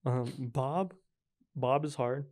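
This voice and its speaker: A young man hosts a casual podcast chat at a middle pitch. He sounds relaxed and easygoing, and fillers like "like" and "um" run all through his talk. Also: takes it slowly. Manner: laid-back, heavy use of filler words. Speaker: podcast host.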